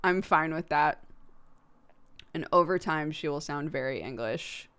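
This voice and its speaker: A young American woman chats easily with her stream audience, breaking into laughter often. Her voice sits slightly low for a woman and keeps a relaxed, conversational flow. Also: unhurried, clean tone. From United States. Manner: chatty, laughs often, talks to chat. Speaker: livestream host. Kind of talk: casual chat with viewers.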